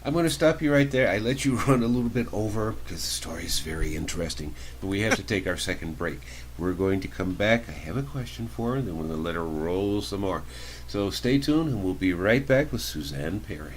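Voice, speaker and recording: A man hosting a talk show, speaking briskly as he steers toward a break. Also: sits low, animated. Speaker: host.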